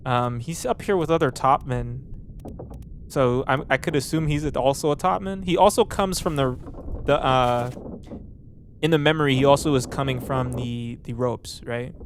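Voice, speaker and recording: A man's voice: medium pitch, moderate pace. A young man casually commentating a puzzle game, thinking aloud with lots of fillers and restarts. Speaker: gameplay commentator. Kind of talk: casual let's play commentary. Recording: background noise under the voice.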